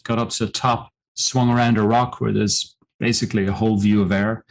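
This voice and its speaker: A middle-aged man with a somewhat low voice recounts a personal story as a podcast guest. He speaks reflectively, pausing often and restarting his sentences. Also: level tone, gravelly, rough recording. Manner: reflective, halting, with frequent fillers and restarts. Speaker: podcast guest, mountaineer and coach. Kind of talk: storytelling in an interview.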